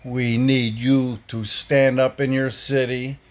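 A man's voice: mid-range voice, level tone, slow. A man delivering a blunt, profane, heated opinion rant as a podcast host.

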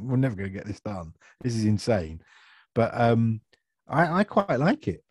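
A man, chatting as an actor guest in a relaxed interview, self-deprecating and laughing often. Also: medium pitch, dry recording. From Essex, England. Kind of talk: casual interview chat.

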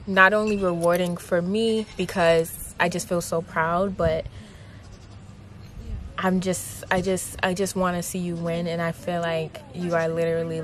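Young woman vlogger, emotional and gushing, slow lowish delivery, noisy outdoor recording. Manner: heartfelt, gushing, many likes. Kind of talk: emotional casual vlog talk.

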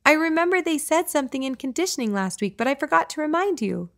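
A woman voicing an eager young boy in an audiobook, pitching her voice up and getting louder. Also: sing-song, quick pace, full character voice.

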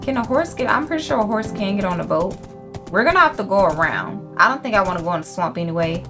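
A woman's voice: medium pitch, expressive, fast, over music. A young woman giving casual gameplay commentary, brash and profane, scolding the animals in her game. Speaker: gaming YouTuber.

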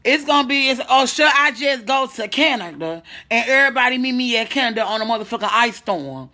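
A woman's voice: fairly high pitch, expressive, fairly quick, sharp tone. A woman from the American Midwest hosting a casual, profane livestream from home, reading and answering viewer comments. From St. Louis, USA. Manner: brash, profane, reads viewer comments aloud. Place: at home, indoors.

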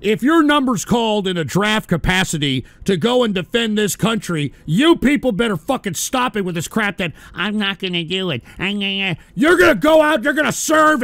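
A man hosting a live radio show, going off on angry, profane, shouting tirades. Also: sits high, creaky, dry recording. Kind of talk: live call-in radio rant.

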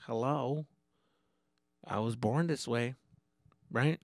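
A young man hosting a podcast, telling profane, animated comedic stories. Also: mid-range voice, slow pace, dry recording, clean studio sound. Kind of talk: comedic storytelling monologue.

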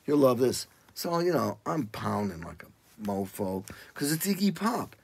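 An older man, a drummer, telling animated stories in a casual interview and acting out what people said. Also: unhurried, vocal fry, husky. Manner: animated, acts out quotes in loud high voices.

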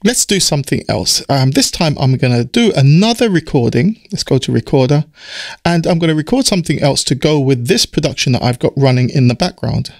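A man with a croaky voice, explaining music production software step by step in a relaxed tutorial. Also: medium pitch, a little fast, dry recording, studio quality. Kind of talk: screen-recorded software tutorial. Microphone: studio mic through audio interface.

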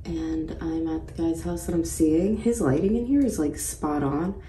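A woman's voice: sits low, moderate pace, mellow, recorded from a distance, a little hiss or hum. A woman in her late twenties chatting casually to camera in a morning vlog indoors at a house. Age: late 20s. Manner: chatty, rambling. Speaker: vlogger. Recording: roomy, from off the mic.

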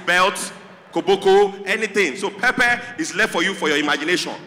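Nigerian male stand-up, high and bright, echoey hall sound. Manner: lively, animated storytelling. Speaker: stand-up comedian. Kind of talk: stand-up comedy. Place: large hall with audience.

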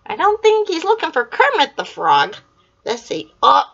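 An older woman hosts a storytime, reading a picture book aloud to young children. Her voice is high and swoops up and down as she asks questions and cheers answers. It comes through a muffled, lo-fi recording. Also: sing-song, a little slow, gravelly, a bit bright. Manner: sing-song, asks the listener questions and praises answers.

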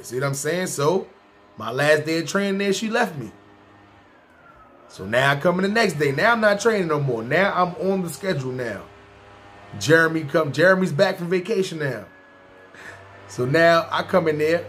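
This is a New man who narrates his own life to camera. He speaks in loose street slang and keeps checking in with "see what I'm saying." His voice sits a bit higher than most men's. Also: lively intonation, moderate pace, a bit bright, slight background noise. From New York. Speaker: YouTube storyteller. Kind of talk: casual personal storytelling.

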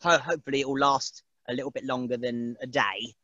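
A man's voice: medium pitch, steady tone, brisk, sharp tone, no echo, lo-fi sound. A man, chatting casually as an interview guest, rambling and laughing often and mimicking other people's voices. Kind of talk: casual chat.

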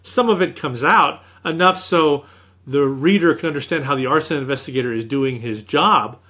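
A man as a guest author in an interview, telling anecdotes in a lively, self-deprecating way. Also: on the high side, normal speed, breathy edge. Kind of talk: storytelling in an interview.

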